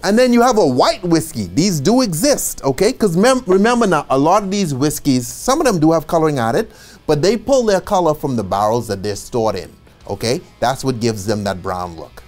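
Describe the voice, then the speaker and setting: A man giving an instructional bartending lesson, chatty and animated, who often checks in with a quick "okay?" and adds joking asides. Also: a little high, faint music behind. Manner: casual and chatty, with asides and small laughs.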